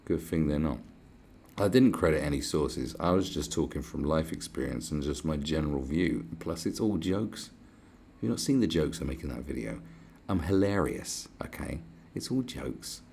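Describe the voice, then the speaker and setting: A man's voice: a bass voice, expressive, moderate pace, gravelly, a little mellow, slight background noise. A man with a British accent, delivering a mocking, profane, sarcastic rant in reply to comments. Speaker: commentary vlogger.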